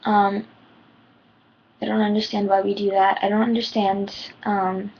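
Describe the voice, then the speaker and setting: A woman's voice: mid-range voice, flat delivery, measured pace, husky, lo-fi sound. A teenage girl giving personal advice in a rambling, heartfelt vlog, her voice shaking near tears. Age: teens. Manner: rambling, heartfelt, many ums. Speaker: vlogger.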